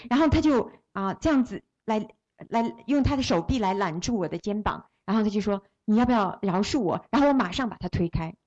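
A woman relays a preacher's story phrase by phrase, following his lead with the odd restart. Her voice sits at a mid pitch, and the recording is dull and lo-fi. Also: lively intonation, fairly quick, darkish tone. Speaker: interpreter. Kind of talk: consecutive sermon interpretation.

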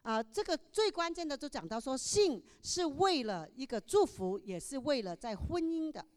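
A woman interpreting a pastor's sermon live in a church, quick and expressive. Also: sits high, long reverb tail. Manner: quick, expressive delivery that mirrors the preacher. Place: large church hall.

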